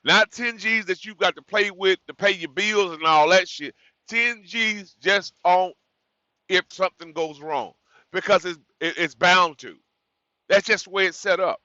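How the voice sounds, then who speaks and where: A man's voice: high-pitched, unhurried, pushed and bright, no echo, highs cut off. A man who drives trucks, giving new drivers frank, rambling advice in a casual vlog, correcting himself and repeating words as he goes.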